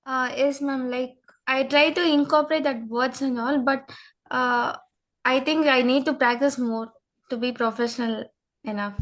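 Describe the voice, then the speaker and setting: Woman, student, somewhat high voice, hesitant, polite, filler words, video call. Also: steady tone, normal speed. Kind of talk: answering a teacher in class.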